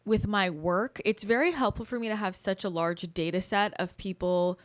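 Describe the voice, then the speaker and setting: A woman's voice: medium pitch, normal speed. A woman hosting a podcast as a spiritual channel, talking candidly in casual conversation and swearing now and then.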